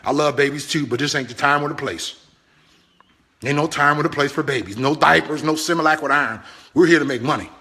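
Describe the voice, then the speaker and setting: A man giving a motivational business talk, animated and pleading, repeating himself for emphasis. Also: on the high side. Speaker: business trainer.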